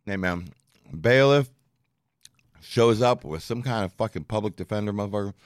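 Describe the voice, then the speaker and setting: A man casually telling a story on a podcast, profane and animated, heavy with street slang. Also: on the low side, normal speed, smooth, dry recording, clean studio sound. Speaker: storyteller guest.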